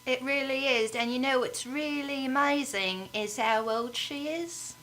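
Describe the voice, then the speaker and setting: Woman doing a prim london tea lady, teasing and giggly, bright voice. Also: sits high, unhurried. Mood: gossipy. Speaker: sketch character. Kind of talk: improvised comedy sketch.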